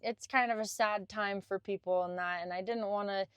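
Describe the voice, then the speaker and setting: A woman who works as a caregiver tells a heartfelt personal story, her feelings close to the surface. Her voice is smooth and resonant, and it sits at an ordinary middle pitch. The recording is dry and close. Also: fairly even intonation, moderate pace, no echo. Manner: warm, emotional, chokes up easily. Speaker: podcast guest, caregiver.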